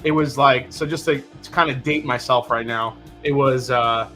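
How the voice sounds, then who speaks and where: A man's voice: mid-range voice, fairly even intonation, normal speed, bright, forceful tone, faint music behind. A middle-aged man hosting a casual live stream, joking and swearing freely as he chats with a guest and reads the chat. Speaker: livestream host.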